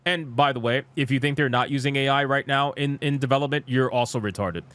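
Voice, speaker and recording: A man's voice: medium pitch, brisk, a bit bright, smooth, no room sound. A young man streaming live, reacting to gaming news and reading comments aloud in a blunt, exasperated, profane rant.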